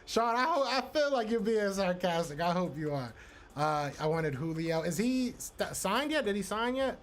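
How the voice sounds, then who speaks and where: A man's voice: high-pitched, sing-song, normal speed, slight background noise. A man hosting a live podcast stream, casually reacting to chat and repeating himself. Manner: loose, repetitive, talks to chat by name.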